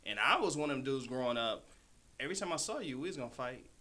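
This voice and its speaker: A man hosting a podcast, chatting casually and reacting quickly to his guest. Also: mid-range voice, lively intonation, bright, forceful tone. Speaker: podcast host. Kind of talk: casual chat.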